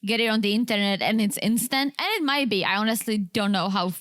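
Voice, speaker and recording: A woman's voice: medium pitch, quick pace, a bit bright, no room sound. A woman co-hosting a podcast, chatting bluntly about a reality show and laughing often. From Czech Republic. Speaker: podcast co-host. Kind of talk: casual chat recapping a reality show.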